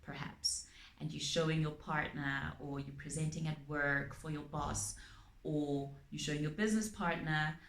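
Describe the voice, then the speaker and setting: A woman calmly explaining her topic to viewers, using everyday examples and frequent pauses and ums. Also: low-pitched, vocal fry, slight background noise. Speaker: channel host on abuse awareness. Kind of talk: explanatory talk to camera. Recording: echoey room.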